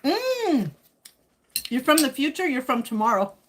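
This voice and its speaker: A woman hosting a casual live stream, answering viewer comments in a chatty, teasing way, with a slightly husky voice. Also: fairly high pitch, expressive, moderate pace, a bit bright. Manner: speaks while eating. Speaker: livestream host chatting with viewers.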